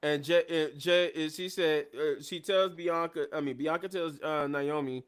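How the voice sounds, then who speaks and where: A man hosting a live show, retelling events in a casual, animated recap and acting out the quotes. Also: fairly high pitch, moderate pace, clear, resonant tone.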